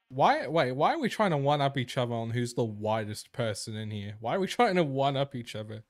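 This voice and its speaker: A man's voice: medium pitch, no room sound. Brief: young male streamer, casual banter with chat, close dry mic. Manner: joking, crude, chatty with viewers. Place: indoor room.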